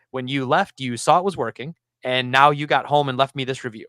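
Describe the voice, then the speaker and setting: A man hosting a casual podcast, telling a story about his game store with lively acted-out quotes. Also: mid-range voice, a little fast, no room sound, studio quality. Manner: animated storyteller, acts out customers.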